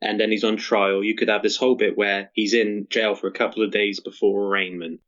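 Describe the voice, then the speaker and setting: A man's voice: fairly low pitch, little pitch movement, brisk, a bit bright. A man co-hosting a podcast, joking around in casual chat and tossing in mock quotes. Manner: playful, throws in mock quotes and jokes. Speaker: podcast co-host. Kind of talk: casual chat with jokey asides. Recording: slightly dull lo-fi audio.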